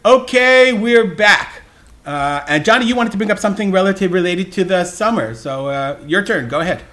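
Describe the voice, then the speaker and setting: Lively, animated man hosting a podcast. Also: high voice, moderate pace. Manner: animated storyteller, laughs often. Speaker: podcast host. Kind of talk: casual chat.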